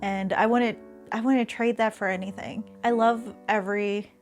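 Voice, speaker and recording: A woman's voice: medium pitch, steady tone, normal speed, faint music behind. A woman in her thirties from Canada, talking casually and candidly in a vlog, often laughing between phrases. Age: 30s. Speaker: streamer and vlogger.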